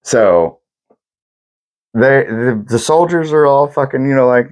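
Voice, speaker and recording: A young man co-hosting a podcast rambles through history with plenty of swearing, performing people's lines as he goes. His medium-pitched voice is very animated and a little darkish, and his pace runs a touch slow.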